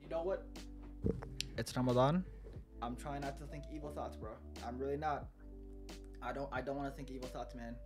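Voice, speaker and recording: Dude reading a webtoon aloud, hype and swearing a lot, mid pitch, some music in the back. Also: male voice, moderate pace, long pauses. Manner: loud, profane, excitable outbursts. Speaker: webtoon reaction host.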